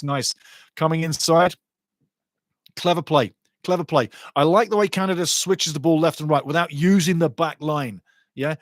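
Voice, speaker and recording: A man hosting a live football watchalong, excitable and chatty, repeating catchphrases and laughing loudly. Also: a little high, no room sound. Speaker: watchalong host. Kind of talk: excited live match commentary.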